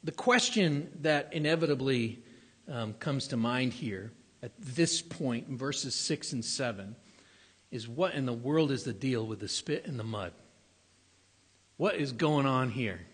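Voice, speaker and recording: Husky male preacher in a reverberant hall. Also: medium pitch, animated, measured pace. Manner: conversational, emphatic repetitions, some stumbles. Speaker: pastor. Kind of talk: sermon.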